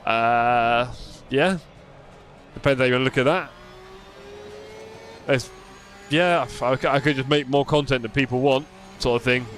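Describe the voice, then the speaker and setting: A man's voice: mid-range voice, fairly even intonation, a little slow, long pauses, fairly bright tone, soft background music. A young man live-streaming a racing game, chatting casually and answering his viewers by name with self-deprecating humor.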